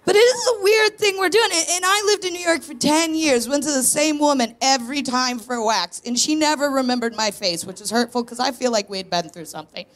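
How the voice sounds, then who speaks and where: Speaking a little fast with hardly any pauses, a thirtysomething woman with a high voice does self-deprecating, confessional stand-up in front of an audience in a tent venue. She is a comedian and co-host whose stories come with punchy asides.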